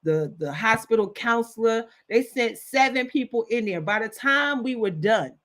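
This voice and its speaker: A woman gives an impassioned wellness talk, her voice sitting on the high side. She preaches with urgency and hammers her points home through repetition. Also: lively intonation, normal speed. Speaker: wellness speaker.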